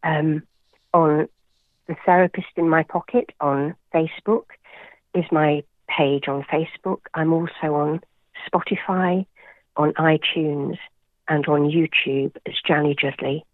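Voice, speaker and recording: A woman, a therapist and author, speaking as an interview guest and reading her own poem in a gentle, measured way. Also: sits low, fairly even intonation, no room sound, narrow, tinny audio.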